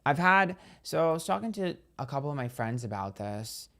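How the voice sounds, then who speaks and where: A man's voice: mid-range voice, sing-song, moderate pace, creaky, a bit bright. A young man, a psychic streamer, chatting casually and bluntly while reading viewer comments, with a lot of "like". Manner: blunt, candid, heavy use of "like".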